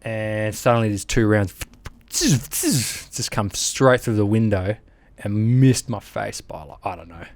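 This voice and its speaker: A man in his thirties with an Australian accent tells his war stories in an interview. His voice sits a little low and is recorded close and dry. He is animated, acting out gunfire and quotes along the way. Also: slow pace, no room sound. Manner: animated, acts out sounds and quotes, laughs through the telling. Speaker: army veteran guest. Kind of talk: interview storytelling.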